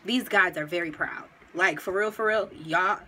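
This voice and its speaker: A woman's voice: lowish voice, normal speed, sharp tone, breathy edge, low-quality recording. A woman giving a casual tarot reading to her viewers, slangy and emphatic as she talks to them directly, and at times moved close to tears. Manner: gets emotional, near tears. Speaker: tarot reader.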